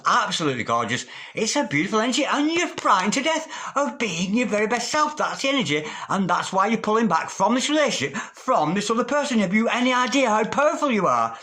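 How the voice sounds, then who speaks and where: A man's voice: sits high, bright, forceful tone. A man giving a tarot reading in a theatrical, sing-song manner, calling the listener darling. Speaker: tarot reader.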